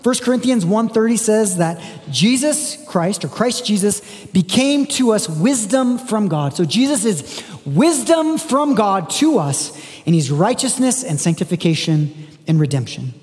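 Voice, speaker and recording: A man's voice: sits high, very animated, measured pace, a little mellow, big-room sound. A man preaching a sermon in a church, earnest and conversational, with frequent restarts. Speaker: pastor.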